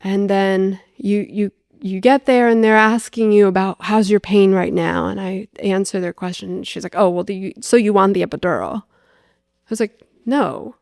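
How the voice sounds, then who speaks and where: A woman's voice: mid-range voice, moderate pace, creaky, darkish tone, no room sound, clean studio sound. A young adult woman, a podcast guest, telling a candid personal story with lots of fillers and re-enacted dialogue.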